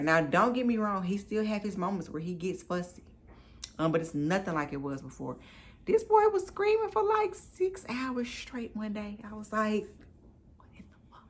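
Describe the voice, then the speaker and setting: Woman, 30s, vlogger, casual storytelling, candid, emphatic, lowish voice. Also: a bit bright. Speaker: vlogger and new mom.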